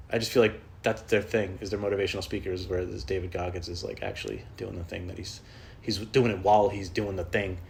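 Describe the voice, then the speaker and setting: A man hosting a podcast, ranting casually on his own, rambling and swearing often, restarting his sentences as he goes. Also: fairly low pitch. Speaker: podcast host. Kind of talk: casual solo rant.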